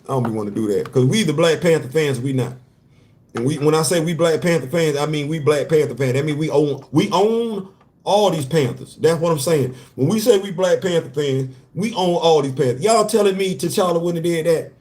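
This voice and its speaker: Chatty guy host, bit higher voice, slangy, keeps repeating himself and laughing. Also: fairly quick. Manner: animated, repeats phrases, laughs often, slangy. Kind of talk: casual comic commentary.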